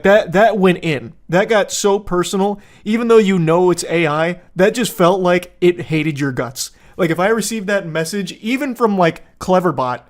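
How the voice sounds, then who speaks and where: A man giving casual commentary on a news story, dry and wry, swearing and cracking jokes along the way. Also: high-pitched. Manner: dry, wry delivery laced with profanity and jokey asides. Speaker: commentator host.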